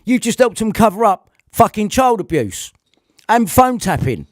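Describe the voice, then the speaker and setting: A man's voice: sits high, big pitch swings, normal speed, no echo, studio quality. A man delivering a heated, repetitive rant to camera, swearing often. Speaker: vlogger.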